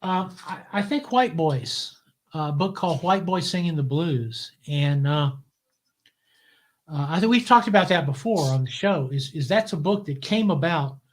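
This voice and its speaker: Southern guy spinning tales on a live show, bit high voice, acts out the quotes. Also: unhurried. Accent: Southern American. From Southern US, Memphis. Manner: lively anecdotal storyteller, acts out quotes. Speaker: guest, TV producer. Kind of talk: storytelling in a live interview.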